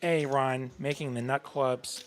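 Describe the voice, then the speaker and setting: A man narrates each poker hand as it happens in a loose, conversational way. His voice sits at an ordinary middle pitch, and he now and then stops to correct himself. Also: measured pace, a little hiss or hum. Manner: relaxed, chatty, corrects himself on air. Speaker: poker commentator. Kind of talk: live play-by-play commentary.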